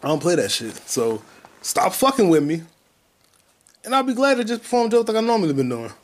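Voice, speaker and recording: A man hosting a solo podcast, a comedian ranting casually and profanely, with sudden loud outbursts. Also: high voice, sing-song, brisk, a little hiss or hum. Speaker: podcast host and stand-up comedian.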